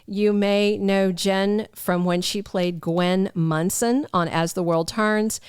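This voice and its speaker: A woman's voice: medium pitch, fairly even intonation, takes it slowly, a little mellow, clean tone, no echo, studio quality. A middle-aged woman hosting a soap opera news show, chatting casually and gossipy, talking straight to her viewers. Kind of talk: casual spoken news chat.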